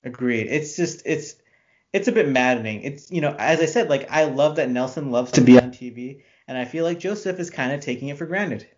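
A man's voice: mid-range voice, lively intonation, brisk. A man co-hosting a casual recap chat, talkative and laughing often. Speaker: podcast co-host. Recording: dull lo-fi sound.

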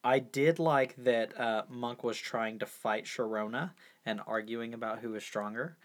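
A man's voice: mid-range voice, unhurried. A man co-hosting a casual podcast, rambling through an episode recap with many fillers and chuckles. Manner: rambling, filler-heavy, amused. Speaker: podcast co-host.

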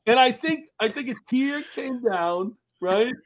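High-voiced New storyteller. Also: male voice, a little slow. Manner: animated, acts out the voices in his anecdotes. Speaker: guest comedian and firefighter. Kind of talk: storytelling in an interview. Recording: dull lo-fi recording.

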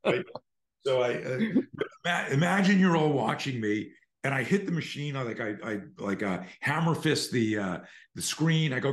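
A man's voice: medium pitch, sing-song, moderate pace. A middle-aged man, a self-defense instructor guesting on a podcast over a remote call, talks animatedly and profanely, acting out scenarios as he explains. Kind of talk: conversational podcast interview.

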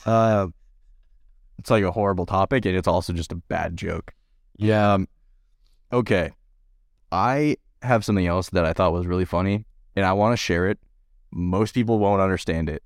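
A man's voice: sits low, moderate pace, long pauses, smooth, no room sound, clean studio sound. A man co-hosting a podcast, chatting casually about a movie in a rambling, self-deprecating way and chuckling at his own jokes. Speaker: podcast co-host. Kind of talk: casual film discussion.

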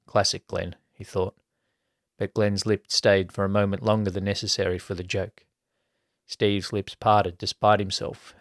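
A man reading an erotic story aloud as a podcast narrator, in an even storytelling manner. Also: sits low, dry recording, studio quality. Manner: even storytelling, colloquial mates' banter.

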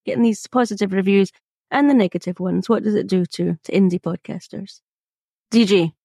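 A woman's voice: medium pitch, a little fast, gravelly, dark tone, slightly rough, no room sound, clean studio sound. A woman, moderating a roundtable and asking the other podcasters questions. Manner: prompting and encouraging, asking guests questions. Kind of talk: roundtable discussion.

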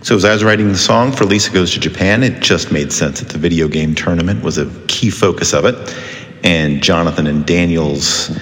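Deep-voiced male author, upbeat and conversational, with animated delivery. Reverberant. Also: brisk. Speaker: children's author and songwriter. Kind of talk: introducing and reading his book.

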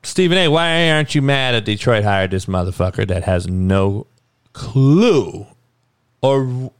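A man's voice: mid-range voice, dry recording, clean studio sound. Heated, profane man ranting. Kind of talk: profane sports rant.

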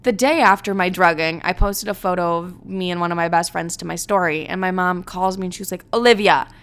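A woman's voice: lowish voice, steady tone, a little fast, fairly bright tone, clean tone. A young woman telling funny personal stories in a dramatic, swear-filled way, saying "like" constantly. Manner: dramatic, swears often, heavy use of "like". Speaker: storyteller. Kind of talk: comedic storytime monologue.

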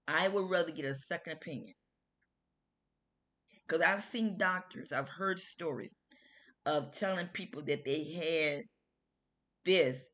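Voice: medium pitch, a bit bright. A middle-aged health video host who tells a personal story in a casual, earnest way, with informal grammar and frequent restarts.

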